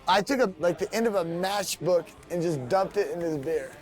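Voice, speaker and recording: A band member tells a rowdy story in a documentary interview, brash and full of swearing. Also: male voice, high-pitched, expressive, normal speed, faint music behind. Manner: brash, profane.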